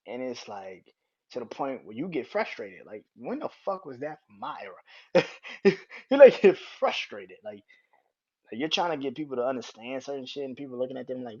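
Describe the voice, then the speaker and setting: A man's voice: mid-range voice, a little mellow, husky. A young man hosting a solo podcast, talking casually in a rambling way with frequent restarts and free swearing. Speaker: podcast host. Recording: dull lo-fi sound.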